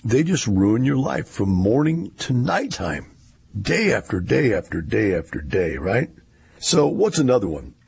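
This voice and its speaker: Gravelly, deep-voiced older man. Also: big pitch swings, measured pace, darkish tone. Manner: rambling, folksy storyteller with wry laughs. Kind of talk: casual monologue.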